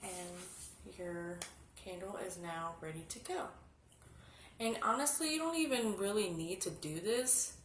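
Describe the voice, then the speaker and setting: A woman casually showing a candle spell step by step, chatty and often dropping to a hushed murmur. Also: on the low side, expressive, measured pace. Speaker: spiritual vlogger. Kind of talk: casual how-to demonstration. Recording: echoey room with background noise.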